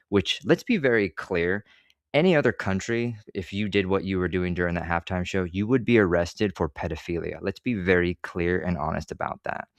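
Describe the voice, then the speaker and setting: Speaking at a normal speed in a low voice, a man delivers a profane, sarcastic opinion rant to camera as an online commentator, wandering off into asides. The recording is dry and of studio quality.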